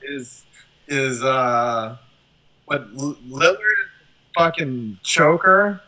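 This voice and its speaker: A man hosting a casual sports chat, talking in an animated, profane way and often tossing in "right?". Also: medium pitch, extremely slow, noisy background. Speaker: show host.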